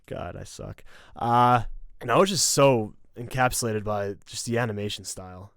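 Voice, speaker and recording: A man's voice: lowish voice, normal speed, a bit bright, no room sound, clean studio sound. A young man hosting a podcast, chatting casually in an enthusiastic, rambling, self-deprecating way. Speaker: podcast host. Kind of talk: casual chat.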